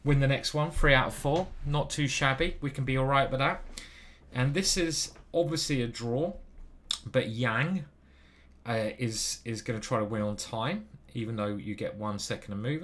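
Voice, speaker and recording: A man commentating on his own online chess game as he plays, muttering to himself, swearing and getting excited. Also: medium pitch, moderate pace. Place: small stuffy room.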